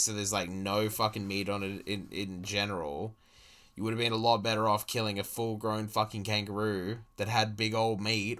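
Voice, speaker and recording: A man's voice: lowish voice, a bit bright. Sweary exasperated Australian man. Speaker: streamer reacting to a video. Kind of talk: profane running commentary.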